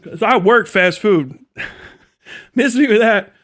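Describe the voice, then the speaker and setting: A high-pitched young man talks on his own livestream. His rant is loose, profane and animated, and he breaks into laughter often. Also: slow pace. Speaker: livestream host.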